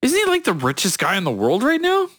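Podcast co-host: Canadian man, higher voice with lots of pitch movement, chatty, dry sound. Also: huge pitch swings, fast talker, fairly bright tone, dry recording. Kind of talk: casual chat among friends.

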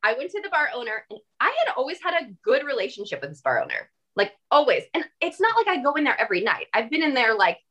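Lively, bright-voiced woman telling a story. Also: high-pitched, fast talker, few pauses. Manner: animated, emphatic, swears. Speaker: podcast guest. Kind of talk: casual storytelling conversation.

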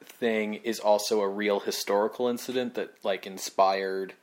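A man's voice: on the low side, fairly even intonation, normal speed. A man co-hosting a podcast, musing about a film in a chatty way with lots of "like" fillers and wry asides. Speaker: podcast co-host. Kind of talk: casual chat about a film.

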